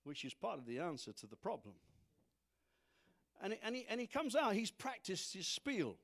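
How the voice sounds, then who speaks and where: High, lively male preacher. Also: moderate pace. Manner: animated, acts out Bible characters, laughs at own jokes. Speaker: pastor. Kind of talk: sermon.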